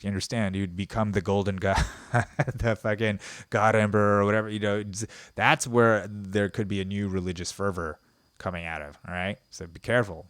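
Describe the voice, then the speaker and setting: A man's voice: lowish voice, steady tone, moderate pace, no echo, clean studio sound. Sarcastic rambling man on a podcast. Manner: rambling, sarcastic riffing with frequent laughs; swings between loud outbursts and mumbled asides. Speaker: podcast host. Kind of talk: comedic monologue.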